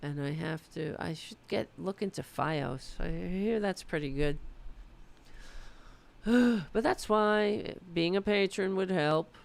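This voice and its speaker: A woman from the United States hosting a political livestream, chatting loosely and swearing, her voice going hoarse. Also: fairly low pitch, unhurried, hardly any pauses. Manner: loose, profane, rambling. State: losing her voice. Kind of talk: casual livestream chat.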